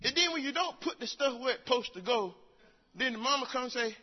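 Older man preaching, high lively voice, folksy storyteller, muffled echoey church recording. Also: quick pace. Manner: folksy storytelling with acted quotes, rising to shouts. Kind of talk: sermon.

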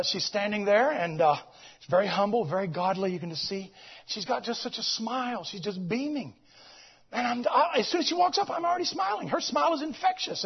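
Husky preacher telling a story. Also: male voice, sits high, lo-fi sound. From United States. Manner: swings between shouted exclamations and hushed storytelling, repeats phrases. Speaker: visiting preacher. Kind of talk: sermon storytelling.

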